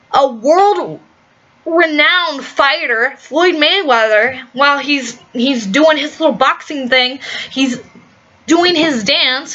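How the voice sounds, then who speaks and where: A woman's voice: high-pitched, bright, forceful tone, muffled recording. A woman ranting bluntly in an opinion vlog, swearing often and restarting her sentences. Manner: profane, blunt, fast with many restarts.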